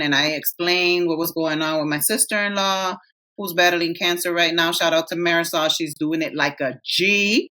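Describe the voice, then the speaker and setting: A woman's voice: on the low side, a little fast, pushed and bright. A woman in her thirties co-hosting a podcast, chatting candidly and swearing freely as she tells stories and acts out friends' lines. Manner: candid, profane, storytelling with quoted voices. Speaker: podcast co-host. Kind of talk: casual chat.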